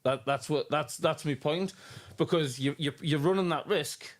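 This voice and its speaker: A man gives his view on football tactics in a relaxed podcast chat. He keeps stopping and restarting his sentences with fillers as he goes. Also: a little high, moderate pace. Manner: hesitant, many restarts and fillers. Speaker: podcast co-host.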